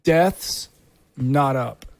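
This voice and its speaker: A man's voice: mid-range voice, very slow, creaky, no room sound. A man hosting a podcast, rambling and wry in casual banter. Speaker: podcast host.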